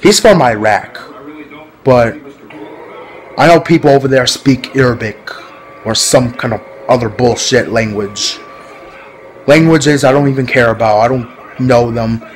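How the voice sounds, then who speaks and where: A man's voice: medium pitch, a little slow, pauses often, rough recording. A man talking casually to his viewers in a rambling, repetitive vlog, often laughing. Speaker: vlogger.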